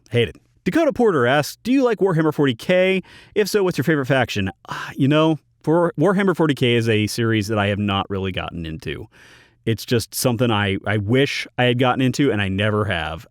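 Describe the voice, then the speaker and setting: A man reads out viewer questions in a casual Q&A and answers them bluntly and drily, often in a single word. His pitch moves up and down a lot as he talks. He is recorded close on a studio mic in a dead-sounding booth. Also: very animated, fairly quick, no echo. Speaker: YouTube channel host. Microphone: studio microphone in a recording booth.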